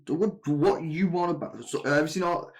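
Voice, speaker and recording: A young man co-hosting a podcast in casual chat, quick and laughing, steering with questions. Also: on the high side. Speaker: podcast co-host.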